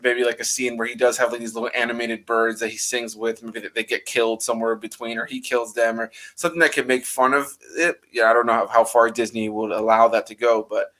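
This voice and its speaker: A man hosting a casual chat, rambling and animated, with plenty of fillers. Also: mid-range voice, brisk, few pauses. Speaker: host.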